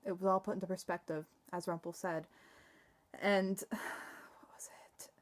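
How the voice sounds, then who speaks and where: A young woman gives a casual, rambling review of a TV episode, excitable and sighing, laughing and swearing as she talks. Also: fairly low pitch, measured pace. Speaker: TV fan reviewer.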